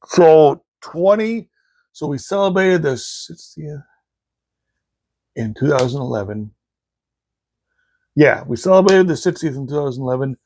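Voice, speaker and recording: A man hosts a laid-back show, spinning funny family memories and breaking into laughter along the way. His voice is gravelly and unhurried. The sound is dry and close. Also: a little high, animated, darkish tone, dry recording. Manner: laughs often while telling stories, halting restarts. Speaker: podcast host. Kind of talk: casual storytelling.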